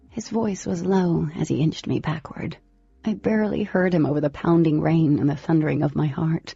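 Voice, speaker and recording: A woman narrating a first-person novel in an expressive, animated way. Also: low voice, normal speed, creaky, slightly rough, dry recording. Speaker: audiobook narrator. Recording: slightly lo-fi with faint music.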